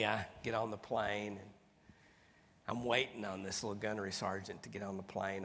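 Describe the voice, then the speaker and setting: A folksy motivational speaker with a lowish voice tells stories in a humorous keynote, animatedly acting out dialogue before an audience in a large conference hall. The hall is reverberant, with faint background noise.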